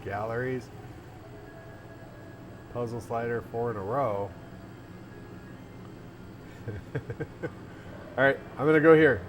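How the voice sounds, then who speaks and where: A man's voice: mid-range voice, moderate pace, long pauses, background noise. A man who owns an arcade, chatting casually on a livestream and thinking aloud as he goes. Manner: rambling, thinking aloud with restarts. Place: arcade café interior.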